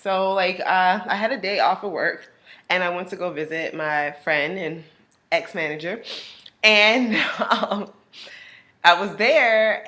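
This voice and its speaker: A young woman vlogging, casually telling a personal story and acting out other people's lines with big jumps in her voice. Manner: animated, acts out friends' lines with big pitch jumps.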